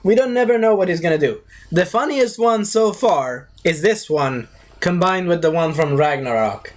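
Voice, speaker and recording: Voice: mid-range voice, expressive, moderate pace. A movie reviewer talking in a casual, rambling way, drifting off topic and breaking into silly voices.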